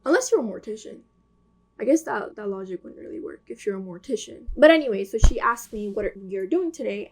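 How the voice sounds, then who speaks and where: A young adult woman tells a casual storytime. Her voice sits a bit high. She talks in an animated, self-mocking way and leans on "like" as a filler. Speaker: vlogger telling a story.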